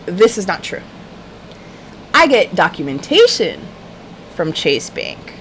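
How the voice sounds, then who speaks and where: Animated, foul-mouthed woman ranting. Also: mid-range voice, takes it slowly, pauses often, slight background noise. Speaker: livestream host. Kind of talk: casual livestream storytelling.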